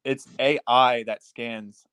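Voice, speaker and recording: Animated young man hosting a stream. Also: mid-range voice, slow, clear, resonant tone, dry recording, poor audio. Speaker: livestream host. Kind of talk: casual livestream chat.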